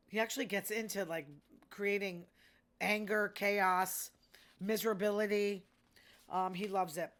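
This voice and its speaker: A woman's voice: mid-range voice, steady tone, a little slow, pauses often, a bit bright. A middle-aged woman hosting a show, chatting casually and gossiping about reality TV with amused asides. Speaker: podcast host.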